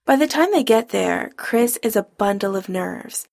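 Female narrator for a romance reading; calm, mid-pitched, slight vocal fry. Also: a little slow, no echo, studio quality. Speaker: audiobook narrator. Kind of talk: scripted narration of a romance story.

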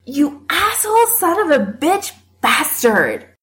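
A woman's voice: high voice, sing-song, takes it slowly, fairly bright tone, voice pushed up, exaggerated voice. A woman doing a drunk, cursing young man. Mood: angry. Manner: slurred cursing, dramatic outbursts. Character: drunk angry young man, petulant and self-pitying.

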